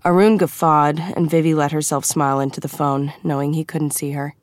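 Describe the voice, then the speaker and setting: Brief: woman narrator, low voice, dry close recording, measured storytelling. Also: steady tone, dry recording. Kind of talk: scripted audiobook narration.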